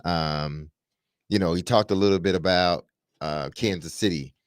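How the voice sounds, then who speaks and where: Low-voiced male radio co-host, measured. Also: no room sound, clean studio sound. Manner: measured, hesitant, with frequent "um"s. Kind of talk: radio talk show discussion.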